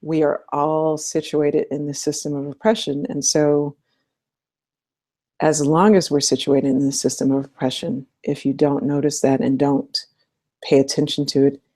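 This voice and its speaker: A middle-aged woman, a social justice educator, talking things through thoughtfully in an interview, animated and quick to laugh. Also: low voice. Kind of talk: conversational interview.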